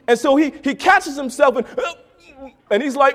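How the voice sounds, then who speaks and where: A man preaching a sermon, swinging between quiet, intimate lines and loud, dramatic bursts as he acts out a story. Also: extremely high pitch, lively intonation, moderate pace, a faint crowd. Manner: dramatic swings from soft to loud, acting out voices.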